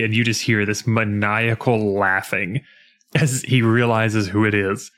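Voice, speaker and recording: A man co-hosting a podcast, chatting casually and retelling video game scenes in an animated way, quoting the characters as he goes. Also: lowish voice, moderate pace. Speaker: podcast co-host.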